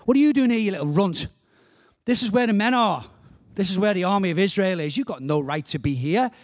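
A man's voice: sits high, quick pace, lightly acted. A man with a Liverpool accent voicing scornful older brothers, tough soldiers belittling a younger sibling. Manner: contemptuous, belittling.

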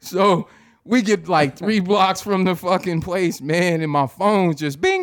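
A man's voice: high-pitched, a little slow, no echo, studio quality. A married man telling a rambling, profane story in casual chat, acting out his own reactions as he goes. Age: adult, married.

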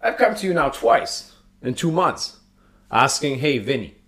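A man playing an old-school male mob boss who threatens a debtor in a loud, profane way. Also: mid-range voice, very animated, measured pace, pitched above the performer's own voice. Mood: menacing. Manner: threatening, profane, swelling louder.

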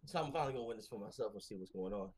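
Animated rambling man on a podcast call. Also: lowish voice, rapid-fire, slightly rough. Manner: animated, rambling, laughs often, slangy. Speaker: podcast co-host. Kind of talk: casual wrestling podcast chat. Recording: remote call with glitchy connection.

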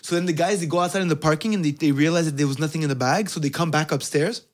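A man's voice: fairly high pitch, rapid-fire. A man hosting a casual podcast, telling a story with heavy swearing and quoted voices. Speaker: podcast host.

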